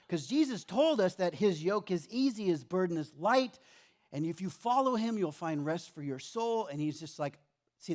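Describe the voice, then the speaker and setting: A middle-aged man preaching a sermon in a church, telling stories conversationally and acting out his own complaints. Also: fairly high pitch. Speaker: pastor.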